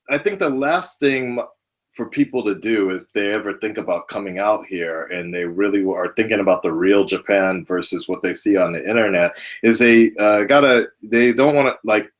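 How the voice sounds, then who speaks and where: Man, interviewer, halting questions, casual, lots of fillers. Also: fairly low pitch. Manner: hesitant, filler-heavy questioning.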